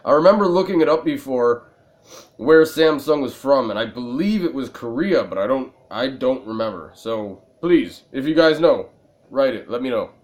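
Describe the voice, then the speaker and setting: Here a gaming video creator does relaxed let's-play commentary while a little tipsy, wandering off-topic, teasing himself, and chuckling at his own gags. He speaks at normal speed in a mid-range, darkish voice with lively intonation.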